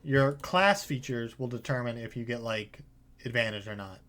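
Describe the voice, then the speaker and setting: Male game master, relaxed narration, mid pitch, lots of "uh" and "like". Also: moderate pace. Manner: casual, filler-heavy narration.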